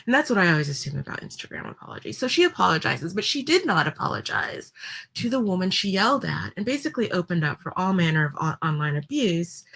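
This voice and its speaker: A woman's voice: fairly low pitch, gravelly, a bit bright. A woman talking through a casual commentary vlog in a chatty, wry way, with frequent ums and laughs. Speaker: vlogger.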